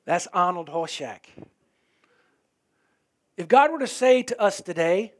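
A middle-aged man delivering a sermon in a higher-than-usual voice. He is animated, driving some phrases hard and letting others fall low and intense. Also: unhurried, long pauses. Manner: animated, swings from loud emphasis to quiet intensity. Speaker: pastor.

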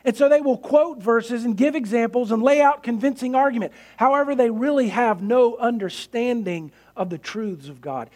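High-voiced man preaching earnestly. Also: moderate pace, hardly any pauses, a little mellow. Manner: earnest, emphatic preaching with repetition. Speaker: pastor. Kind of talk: sermon.

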